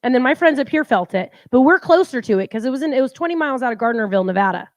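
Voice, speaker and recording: A woman co-hosting a casual live-stream chat from home, chatty and teasing and quick to laugh. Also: sits high, animated, no room sound. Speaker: co-host.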